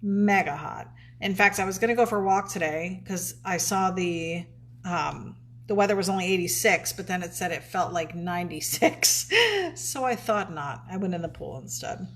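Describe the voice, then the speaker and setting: A woman's voice: on the low side, moderate pace, a bit bright, a little hiss or hum. Chatty woman reading out viewer greetings. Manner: laughs often, teasing. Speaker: co-host of a live show. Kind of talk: casual live-stream chat, reading viewer comments.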